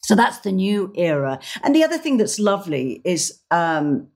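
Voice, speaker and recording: A woman's voice: medium pitch, moderate pace. A middle-aged woman co-hosting a podcast in casual chat, telling anecdotes with lots of energy and acting out the voices of other people. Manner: lively anecdote teller, acts out quoted voices. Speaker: podcast co-host, decorator.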